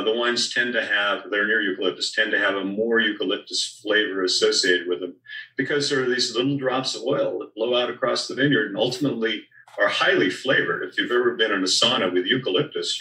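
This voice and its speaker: An older man with a lowish but bright voice tells easygoing wine stories as a podcast guest. He sits a little back from the mic in an echoey room. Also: far from the mic. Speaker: winemaker guest. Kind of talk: relaxed storytelling in conversation.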